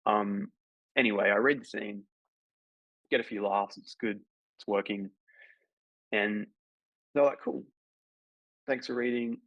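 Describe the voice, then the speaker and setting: Speaking a little slowly with long pauses, a man, an actor and podcast guest, relates a long, rambling anecdote full of fillers in a casual interview. His gravelly low voice comes across a bit bright. The lo-fi recording is dull and dry, with no echo.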